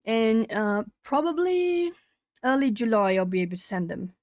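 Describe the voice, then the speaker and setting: A woman with a fairly high voice chats casually on a live stream, reading comments and answering viewers by name. Her voice is close and dry, with no room sound behind it. She often trails off and restarts, then perks up when she retells a story. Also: moderate pace, no echo. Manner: chatty, talking to chat while colouring; animated when retelling stories. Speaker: YouTube art channel host. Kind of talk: casual livestream chat.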